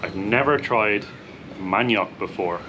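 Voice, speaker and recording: A man's voice: on the low side, slow, lo-fi sound, noisy background. A young Irish man hosting a casual vlog, upbeat as he tries snacks and rates them out of ten. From Ireland. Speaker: vlog host.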